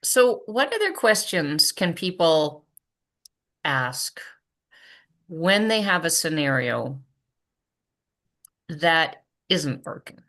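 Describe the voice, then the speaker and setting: Low-voiced animated woman host. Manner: animated, laughs often, quick asides. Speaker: podcast host. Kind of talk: conversational interview.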